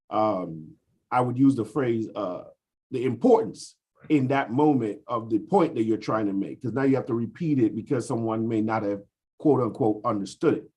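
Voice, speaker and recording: A man's voice: mid-range voice, darkish tone, breathy edge. A man from the US Virgin Islands, talking over a video call in a casual group discussion and explaining at length with frequent fillers.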